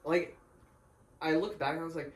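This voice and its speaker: A man's voice: fairly high pitch, steady tone, moderate pace, background noise. A man who does stand-up, talking in a casual podcast chat and rambling through laid-back stories. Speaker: stand-up comic. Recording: echoey room, mic at a distance.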